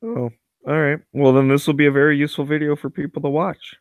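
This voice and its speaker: A man's voice: a little high, level tone, fast, clean tone, no room sound. Dry-teasing man on dull lo-fi audio. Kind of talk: casual chat.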